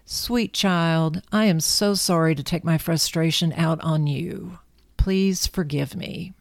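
Older woman, voiced by a female reader, low, soft, earnest, dry close sound. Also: slow pace, vocal fry, dry recording, full character voice. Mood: contrite. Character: proud older woman, grandmother, humbled.

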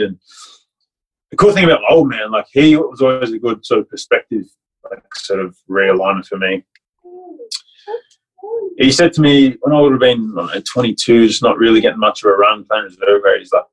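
A man's voice: mid-range voice, expressive, fairly quick, fairly bright tone, slightly rough, poor audio. A young man, a rugby league player and coach, telling a heartfelt, rambling story in casual chat. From Fiji. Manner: rambling and heartfelt, many restarts and "like".

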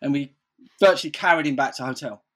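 A man's voice: on the high side, fast talker, a bit bright. A man telling stories in casual chat, rambling, swearing freely and saying "like" constantly.

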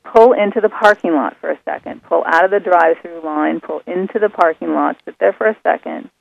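A woman guest explaining her method in a calm, soothing, patient way. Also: lowish voice, fairly quick, gravelly. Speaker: author and guest. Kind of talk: explaining on a radio call-in. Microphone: phone. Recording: thin phone line.

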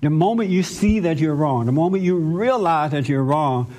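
A man's voice: on the high side, expressive, normal speed, dark tone. Emphatic man giving spiritual counsel. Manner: emphatic, insistent, repetitive. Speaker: spiritual teacher.

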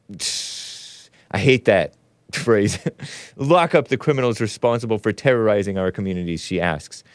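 Male show host, sarcastic, lively up-and-down delivery, dry close sound. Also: mid-range voice, no room sound. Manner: sarcastic, mocking. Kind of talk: casual commentary.

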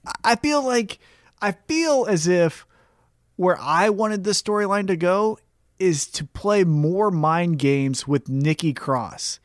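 A man co-hosting a podcast, chatting casually about wrestling in an excitable, profane, rambling way. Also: high voice, slow, dry recording, clean studio sound. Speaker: podcast co-host.

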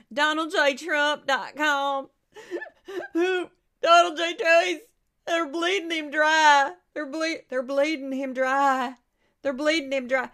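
A woman's voice: high-pitched, fairly even intonation, slow pace, fairly bright tone, voice pushed up, exaggerated voice. A woman doing a mocking impression of a weepy, pleading male senator, sobbing through her words.

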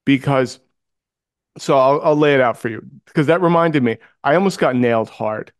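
This man, smooth and mid-range at a normal speed, spins a story during a relaxed podcast chat and performs the quoted voices with animation. There's no room sound, and it's studio quality.

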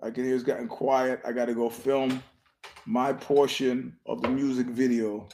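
A man's voice: mid-range voice, little pitch movement, normal speed, a little mellow, slight background noise. A man hosting his own podcast, telling stories in a meandering, profane way and keeping his voice down. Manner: profane, meandering storyteller with frequent restarts; keeps his voice down so he won't disturb a filming nearby. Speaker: podcast host. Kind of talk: casual rambling monologue.

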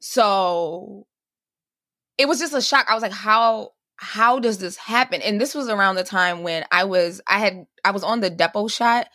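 A young woman tells a personal story on a casual podcast, jumping into different voices for everyone she quotes. The sound is close and dry. Her voice sits at a middle pitch. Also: fairly bright tone, no room sound. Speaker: podcast guest. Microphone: remote call mic.

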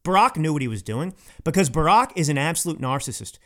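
A man's voice: on the high side, very animated, fast, a bit bright. A male podcast host delivering an emphatic, indignant political opinion monologue, repeating points for stress.

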